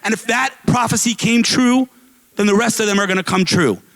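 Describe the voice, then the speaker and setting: A man giving an impassioned speech to a live audience at an event, telling stories and asking rhetorical questions in a casual, animated way. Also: high voice, a little fast, low-quality recording. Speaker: guest speaker at an advocacy event. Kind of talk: impassioned public speech with storytelling.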